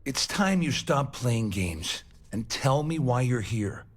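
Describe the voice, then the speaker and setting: A man's voice: mid-range voice, sing-song, slow pace. An actor voicing a suspicious male security officer in a video game, speaking in a stern, accusing way.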